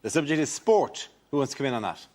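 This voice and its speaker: A male panel show host briskly thanking comedians and announcing topics. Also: medium pitch, big pitch swings, background noise. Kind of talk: quiz show hosting.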